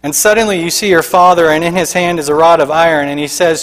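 High-voiced preacher in a reverberant church. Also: male voice, fairly even intonation, fast talker, few pauses, a bit bright. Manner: dramatic storytelling, building intensity. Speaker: guest preacher. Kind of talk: sermon with imaginative narration.

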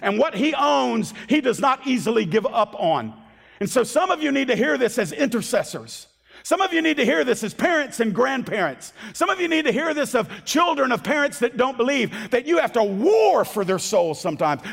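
A man preaching a sermon as pastor, impassioned and emphatic, rising at times to shouts. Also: extremely high pitch, sing-song, moderate pace, vocal fry. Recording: long hall reverb.

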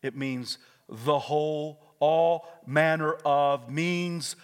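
A male pastor preaching a fervent sermon, moving between hushed talk and shouts and calling on the congregation to repeat after him. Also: a little high, slow, clean tone, long reverb tail. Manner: calls on the congregation to repeat words. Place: church sanctuary.

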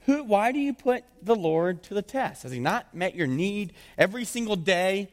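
A man's voice: sits high, sing-song, normal speed, long reverb tail. A man voicing an exasperated, fed-up male leader who pleads in a whiny way.

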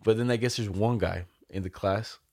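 A young man telling a story in a casual chat, relaxed and profane, slipping into quoted voices. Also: fairly low pitch, moderate pace.

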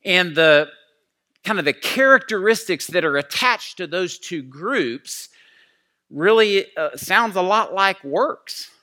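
A man's voice: high-pitched, lively intonation, takes it slowly, pushed and bright. A man preaching a sermon in an earnest, heartfelt storytelling way. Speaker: pastor.

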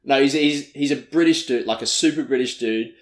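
A man co-hosts a casual podcast, recapping a film in a rambling way full of fillers and false starts. His voice sits at a middling pitch and sounds echoey, as if he is in a bare room. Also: fairly quick. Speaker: podcast co-host. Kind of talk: casual chat.

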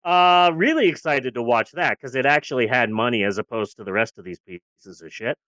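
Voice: animated, brisk, dry recording. Snarky potty-mouthed podcast cohost, voice bouncing all over, dry close sound. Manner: sarcastic, profane, swings between loud outbursts and low grumbles. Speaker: podcast co-host. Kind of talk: casual movie-review chat.

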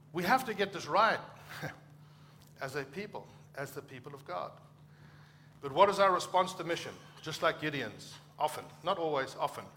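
A man's voice: fairly high pitch, bright, forceful tone, a little hiss or hum. A middle-aged man from Africa, a pastor preaching a conversational sermon and acting out short quoted exchanges.

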